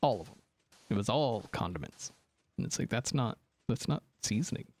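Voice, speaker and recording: A man's voice: lowish voice, normal speed. A man chatting casually on a live stream, joking around and reacting to viewers' comments. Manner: animated, joking, reacting to chat.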